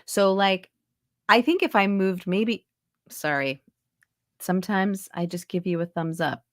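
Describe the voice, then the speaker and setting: On a video call, a chatty New York accent coach in her forties, an American woman with a light Texas coloring over her New York accent, talks as an interview guest in a casual chat. Her voice is medium pitch and a little slow, full of "like," and she slips into voices to demonstrate. The sound is studio quality with no room sound.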